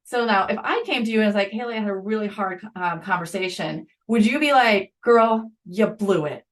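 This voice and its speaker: A middle-aged woman, a school psychologist, talking on a podcast interview in a lively, conversational way with quick asides. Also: mid-range voice.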